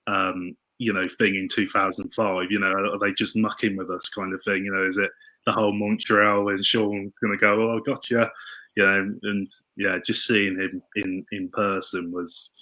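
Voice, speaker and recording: A man telling stories as a podcast guest, excitable and tripping over his words. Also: lowish voice, normal speed, low-quality recording. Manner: excitable, tumbling restarts. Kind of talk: casual storytelling interview.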